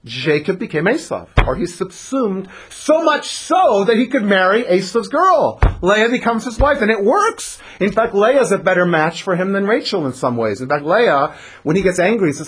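A man giving an animated Torah lecture, dramatic and acting out the characters' voices. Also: high-pitched, normal speed, husky. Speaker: Torah teacher.

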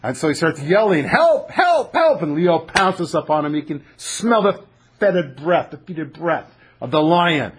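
A man teaching a Torah class over a video call. He tells stories in an animated way and keeps asking his listeners questions. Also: on the high side, moderate pace, slightly rough, low-quality recording. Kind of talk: Torah class lecture with storytelling.

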